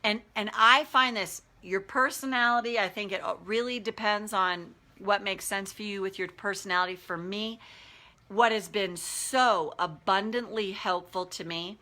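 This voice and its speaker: A woman's voice: medium pitch, a little slow. A middle-aged woman, a life coach, talking casually on a live stream and acting out the voices in her head. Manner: animated, acts out inner voices.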